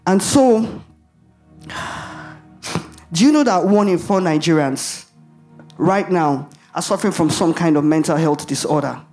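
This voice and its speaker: A woman's voice: low voice, expressive, measured pace, long pauses, darkish tone, faint music behind. A woman preaching a sermon in an emphatic way, asking the audience rhetorical questions and laughing at herself.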